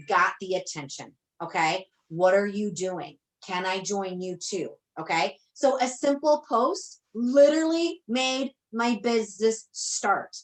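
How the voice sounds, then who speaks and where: A woman business coach talking on a motivational team call, effusive and gushing, often repeating herself. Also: on the high side.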